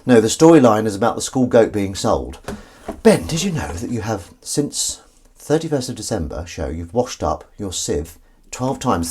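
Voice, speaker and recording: Punning man with lively pitch. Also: normal speed, a little hiss or hum. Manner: punning, self-mocking, chatting to viewers. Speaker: livestream host. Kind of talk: casual livestream chat while washing up. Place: home kitchen.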